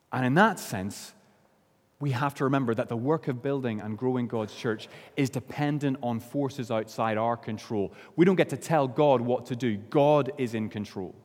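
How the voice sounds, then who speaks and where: Preacher from Northern Ireland in a hall. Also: male voice, a little mellow. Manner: earnest, slows and drops low on key phrases. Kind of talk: sermon. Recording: long hall reverb.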